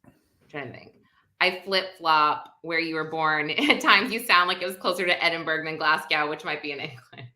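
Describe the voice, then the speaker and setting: Bright chatty woman host in an echoey room. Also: low-pitched, normal speed. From United States. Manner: chatty, rambling, with many fillers. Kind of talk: casual live-stream chat.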